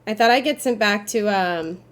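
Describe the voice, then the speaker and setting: A woman giving gameplay commentary, excitable and swearing freely, breaking into frustrated yells, then calmly explaining in a recap. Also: mid-range voice, normal speed. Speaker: gaming YouTuber.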